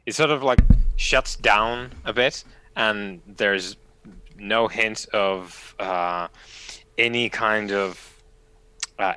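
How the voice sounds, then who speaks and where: A man playing a tabletop game, talking in a halting way with many fillers. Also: lowish voice, pushed and bright, clean tone, dry recording. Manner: hesitant, halting, full of fillers. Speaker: player.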